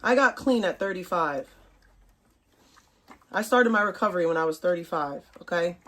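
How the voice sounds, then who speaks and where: Woman, 30s, livestream host, casual profane rant, slightly low pitch. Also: expressive, moderate pace, fairly bright tone. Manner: blunt, profane, ranting. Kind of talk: casual rant to stream chat.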